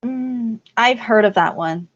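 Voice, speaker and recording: A woman's voice: a little high, slow, dull audio. A woman co-hosting a casual livestream, chatty and giggling often. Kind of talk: casual horror movie chat.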